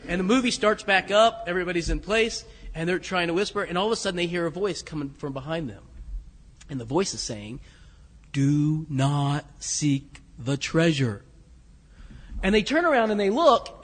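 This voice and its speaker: Male preacher, high voice, chatty self-deprecating sermon, long hall reverb. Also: fairly bright tone. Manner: storytelling, conversational, self-deprecating with chuckles.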